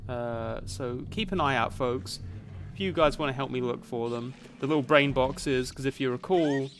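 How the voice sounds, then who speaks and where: A man with a softened Essex accent, chatting casually to viewers while streaming a game, rambling with plenty of fillers. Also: medium pitch, normal speed, a little hiss or hum. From Essex, England. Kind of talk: casual live gameplay chat.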